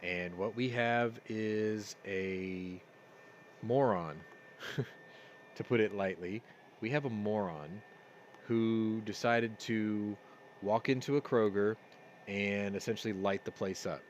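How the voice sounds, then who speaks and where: Casting note: lowish male host, rambling chatty storyteller, faint noise behind. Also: slow pace, pauses often, highs cut off. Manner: rambling storyteller, gets loud and excited. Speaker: podcast host. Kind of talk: casual live-stream chat. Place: home room. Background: yard work outside.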